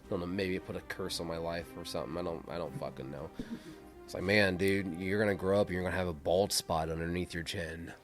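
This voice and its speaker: A man's voice: sits low, fairly even intonation, fast, faint music behind. A man co-hosting a podcast, telling ghost stories in a rambling, profane, casual way that often trails off into a mumble. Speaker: podcast co-host. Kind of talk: casual chat.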